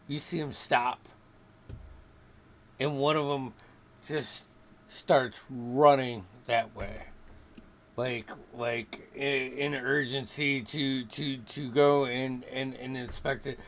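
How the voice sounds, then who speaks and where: Slow-talking man running a tabletop game. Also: mid-range voice, fairly even intonation. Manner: halting, repeats words, laughs often. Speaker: game master.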